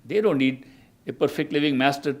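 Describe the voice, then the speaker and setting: An older man giving a spiritual discourse as a teacher, telling stories in a measured way and often restarting his phrases. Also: medium pitch, a little mellow.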